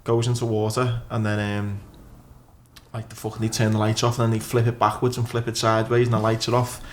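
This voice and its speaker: A man co-hosting a podcast, relaxed and hesitant with ums, swearing casually. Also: on the low side, fairly quick, slight background noise.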